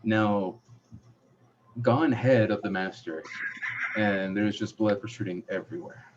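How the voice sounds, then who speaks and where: A young man in a low register narrates a tabletop game as game master. He describes each scene step by step, stopping often on fillers. The sound is muffled and lo-fi. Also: noisy background. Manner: descriptive, halting with frequent fillers. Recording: muffled lo-fi audio.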